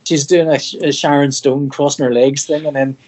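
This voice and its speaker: A Northern Irish man chatting as a podcast guest, rambling and animated as he retells film scenes. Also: fairly high pitch, brisk. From Northern Ireland. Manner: animated, rambling storyteller who puts on voices when retelling scenes. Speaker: guest, comic artist. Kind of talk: casual podcast chat.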